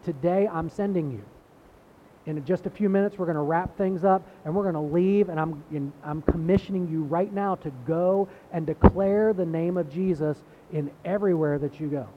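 A man's voice: on the high side, normal speed, phone-quality sound, a little hiss or hum. A man giving a sermon as pastor, in a conversational preaching style that repeats words and builds emphasis.

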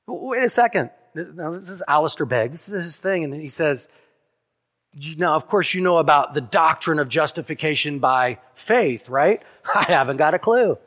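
A man preaching a sermon as pastor, earnest, dropping softly on key lines and speeding through asides. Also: a little high, expressive, normal speed. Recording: long hall reverb.

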